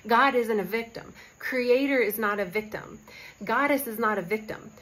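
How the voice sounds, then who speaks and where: A woman's voice: on the high side, moderate pace, a bit bright, rough recording. A young adult woman spiritual guide telling a story in casual talk, with fillers and quoted lines.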